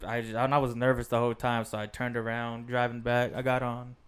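A young man races through a story among friends about a tense drive. His voice is smooth and clear, and the words tumble out quickly. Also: medium pitch, flat delivery. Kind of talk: casual storytelling chat.

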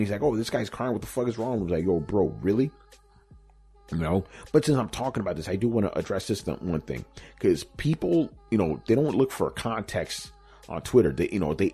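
A man's voice: lowish voice, darkish tone, slightly rough. A middle-aged man answering viewer questions in a laid-back, profane chat full of "you know" and "bro". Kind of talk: casual Q&A chat.

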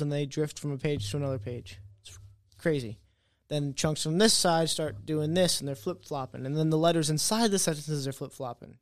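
A man's voice: fairly high pitch, no echo, studio quality. A young man guest in a casual interview, telling his story with energy and acting out the voices of people he quotes. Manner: animated, acts out quoted voices.

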